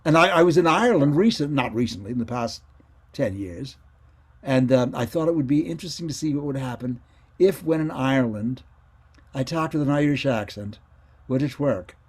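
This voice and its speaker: An older man talks over a video call as an interview guest, reminiscing about his early acting days. He wanders through his stories and stops to correct himself. His pitch sits in an ordinary middle range. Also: animated, fairly quick, husky. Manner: meandering, self-correcting storyteller. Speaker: interview guest, former child radio actor.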